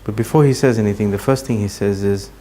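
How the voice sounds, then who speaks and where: Male preacher, low pitch, earnest storyteller in a lecture room, faint noise behind. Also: warm tone. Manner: earnest storyteller, slows for emphasis. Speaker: Islamic speaker. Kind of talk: religious talk with storytelling.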